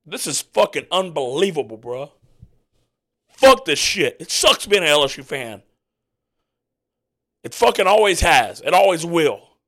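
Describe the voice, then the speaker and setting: A man ranting angrily as a sports fan podcaster, swearing constantly and breaking into yelled outbursts. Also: a little high, sing-song, measured pace, pauses often. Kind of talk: angry profane rant while watching a game.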